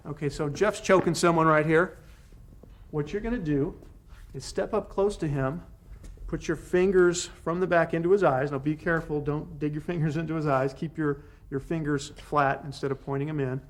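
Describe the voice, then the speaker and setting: A man's voice: on the high side, fairly even intonation, moderate pace. A man teaching self-defense techniques to a class, giving short commands and encouragement as students practice. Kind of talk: hands-on class instruction.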